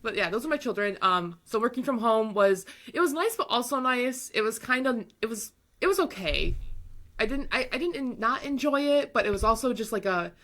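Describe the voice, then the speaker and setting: A woman's voice: fairly high pitch, expressive, a little fast, fairly bright tone. Chatty young woman podcast co-host. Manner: rambling, full of fillers and acted-out quotes, laughs often. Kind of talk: casual chat.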